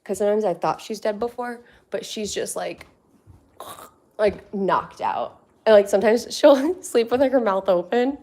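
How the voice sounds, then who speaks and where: Warm in tone, mid-range, and at a normal speed, a young woman talks on an informal livestream from her family home. She's breathless and rambling, saying "like" often and using baby talk with her pets.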